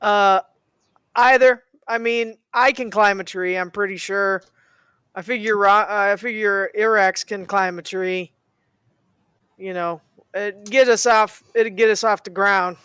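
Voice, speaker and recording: A man's voice: high-pitched, steady tone, unhurried, pushed and bright, clear, resonant tone, no room sound. A man playing a tabletop game, describing what his character does. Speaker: player. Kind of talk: casual tabletop play.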